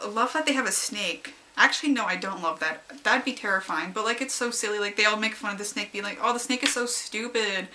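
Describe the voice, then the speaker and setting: A young woman rambles casually through a review of a story she loved, excitable and giggly, breaking into high squeals as she acts out her own reactions to the fanfic. There's a little hiss or hum in the audio.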